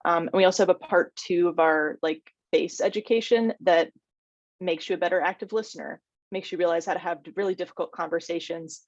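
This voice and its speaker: A woman's voice: fairly low pitch, fairly even intonation, brisk, dry recording. A woman mental health educator speaking on a panel over a video call, conversational with frequent ums and likes. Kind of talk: casual panel discussion. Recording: dry, muffled video-call audio.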